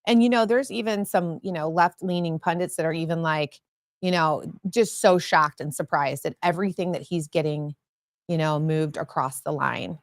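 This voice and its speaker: A woman's voice: deep voice, dry recording, clean studio sound. A woman co-hosting a political talk podcast, talking emphatically with a flow of fillers. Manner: emphatic, fast-flowing, many fillers. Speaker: podcast co-host.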